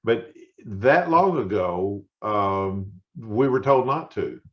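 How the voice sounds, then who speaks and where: A man's voice: lowish voice, animated, slow, muffled recording. An older man, a former coach, interviewing and reflecting on his own coaching days. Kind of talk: casual interview chat.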